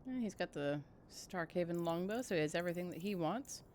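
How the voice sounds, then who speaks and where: Woman streamer low voice, lively, relaxed game commentary. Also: a little fast, a little hiss or hum. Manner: chatty, relaxed, reminiscing. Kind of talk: casual gameplay commentary.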